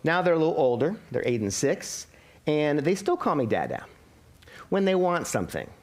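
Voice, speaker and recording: A man's voice: a little high, sing-song, moderate pace. Man preaching a sermon, asking questions. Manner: explanatory preaching with rhetorical questions. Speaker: pastor.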